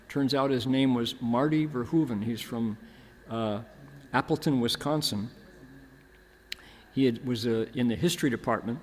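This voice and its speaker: Older monk telling a story at a lecture, mid pitch, easygoing, voice ringing around a big hall. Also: male voice. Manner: relaxed anecdotal storytelling with quoted dialogue. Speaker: monk giving a dharma lecture. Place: large temple hall. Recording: long hall reverb.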